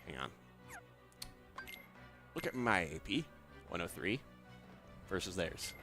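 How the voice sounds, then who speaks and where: A man's voice: low-pitched, big pitch swings, takes it slowly, vocal fry, music in the background. A young man chatting and joking casually while playing a video game, laughing often. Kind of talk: casual gameplay commentary.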